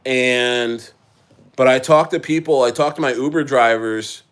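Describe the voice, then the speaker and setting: A male crypto streamer talking off the cuff to his viewers. He rambles and stops to restart his sentences again and again. His voice sits at an everyday middle pitch. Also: a bit bright, smooth. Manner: rambling, halting, many restarts, reads and answers chat. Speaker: crypto livestream host. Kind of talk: casual livestream chat. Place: living in Chile.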